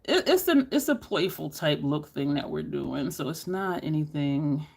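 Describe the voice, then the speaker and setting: Middle-aged woman, animated pitch, casual storyteller on a makeup vlog. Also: moderate pace, gravelly, slightly rough. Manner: chatty, storytelling, addresses viewers as y'all. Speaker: beauty YouTuber. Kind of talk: casual makeup chat with stories.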